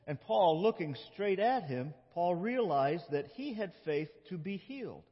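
Husky playful male pastor in church. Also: high voice, a little slow. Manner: playful, animated, talks with children. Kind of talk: children's sermon with kids acting out scripture. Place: church sanctuary. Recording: dull recording in a big reverberant church.

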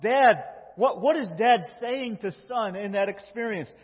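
A male pastor delivers a sermon with a high, slightly husky voice, pressing his points with emphatic force. His voice rings through a church sanctuary with long reverb. The recording sounds dull and lo-fi. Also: unhurried. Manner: emphatic preaching, swings between loud and hushed.

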